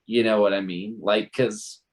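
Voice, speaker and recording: A man's voice: on the low side, fairly even intonation, a little slow. A man, talking passionately and emphatically in a casual panel discussion, often restarting his sentences. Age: 20s. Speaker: panel co-host.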